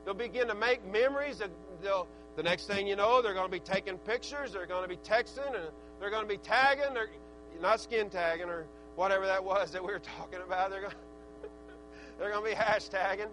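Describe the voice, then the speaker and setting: A man preaching a sermon, with a rhythmic preaching cadence that swells into excited shouts. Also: high-pitched, fairly quick, rough recording. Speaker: pastor.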